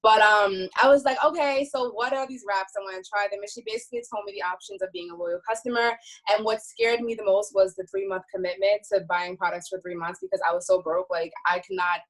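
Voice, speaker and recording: A woman with a New York accent, a guest on a video call, talking very fast in an animated, effusive way about her story. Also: mid-range voice, rough recording. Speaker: guest speaker. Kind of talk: casual motivational talk on a video call.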